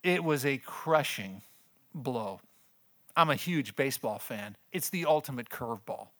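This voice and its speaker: Bright-voiced older man telling his story. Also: animated, measured pace. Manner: conversational storytelling, laughs often, voice drops low in heavy moments. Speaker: pastor and missions speaker. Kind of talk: personal testimony talk.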